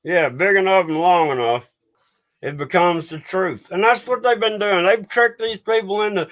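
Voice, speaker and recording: A man's voice: sits high, normal speed, a bit bright. A man hosting a livestream and ranting angrily, swearing and getting agitated as he talks to his viewers. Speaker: livestream host.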